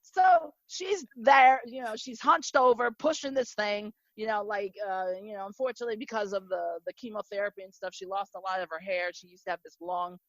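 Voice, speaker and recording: A woman with a Midwestern American accent hosting a casual chat, telling stories in an animated way with many fillers. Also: medium pitch, fairly quick, hardly any pauses, no echo, highs cut off. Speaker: podcast host.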